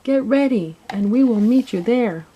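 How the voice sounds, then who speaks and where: A woman's voice: fairly low pitch, lively intonation, normal speed, dark tone, highs cut off, a little hiss or hum, lightly acted. A woman voicing a little girl who speaks confidently and makes announcements, in a storybook reading.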